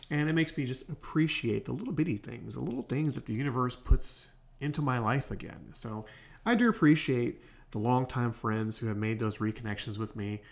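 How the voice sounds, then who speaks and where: A man's voice: mid-range voice, creaky. A man hosting his own podcast, telling a rambling story in a casual late-night monologue from a hotel room, stopping often to correct himself. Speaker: podcast host. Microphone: home podcast microphone.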